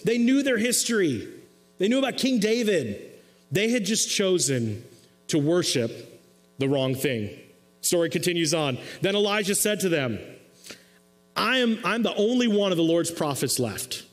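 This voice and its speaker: A man's voice: sits high, in a large hall. A man preaching a sermon as pastor, retelling a story with playful asides and acting out the quotes.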